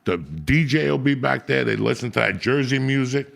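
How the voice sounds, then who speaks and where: A man's voice: medium pitch, animated, moderate pace, gravelly, fairly bright tone. A middle-aged man hosting a podcast, telling rambling, profane street-style stories in casual chat. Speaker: podcast host.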